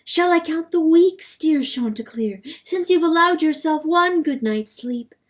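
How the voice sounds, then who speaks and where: Woman reading as an anxious hen wife, high-pitched and pleading, for a storybook reading. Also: slow pace, dark tone. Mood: insistent. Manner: urgent, imploring.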